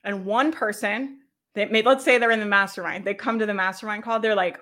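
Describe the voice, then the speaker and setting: Brief: upbeat coach, a woman with a bright, clear voice, talks loosely and laughs easily. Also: medium pitch, fairly even intonation, fairly quick. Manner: chatty, laughs often, checks in with "right?". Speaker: business coach leading a workshop. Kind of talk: casual live workshop teaching.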